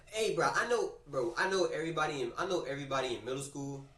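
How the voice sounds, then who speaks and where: A man's voice: on the high side, fast talker, recorded from a distance. Male streamer, casual storytime, slangy and repetitive, roomy echo, sits back from the mic. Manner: animated, slangy, repeats phrases.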